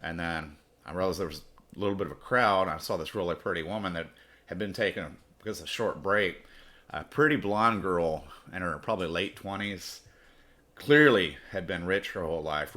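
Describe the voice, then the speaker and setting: A man with a low voice and a bright, forceful edge hosts his own storytelling podcast. He rambles casually through a personal tale, swearing freely and doubling back on himself as he goes. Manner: profane, rambling.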